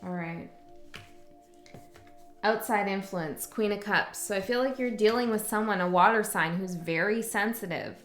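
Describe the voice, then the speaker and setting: A woman's voice: medium pitch, moderate pace, a bit bright. A woman giving a casual spoken tarot reading, talking frankly and often checking in with the listener. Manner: chatty, frank, checks in with "okay?". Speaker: tarot reader. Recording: roomy echo, faint music.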